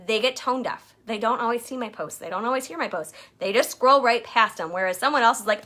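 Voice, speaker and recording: A woman's voice: a little high, expressive, a little fast, a bit bright. A woman leading a direct-sales team, giving a chatty motivational coaching talk and acting out quotes in jumpy voices.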